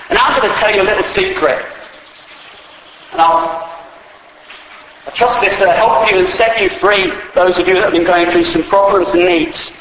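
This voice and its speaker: High-voiced man preaching in an echoey hall. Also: moderate pace, pauses often, a bit bright, slight background noise. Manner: emphatic, spells words out, acts out believers' voices. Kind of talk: sermon. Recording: echoey hall with faint ambience.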